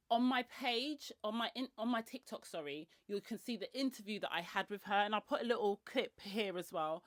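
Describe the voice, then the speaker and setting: A woman's voice: no room sound, clean studio sound. A woman hosting her own podcast in a chatty, slangy way. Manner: chatty and slangy, acts out others' lines with big pitch jumps. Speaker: podcast host. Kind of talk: casual solo podcast chat.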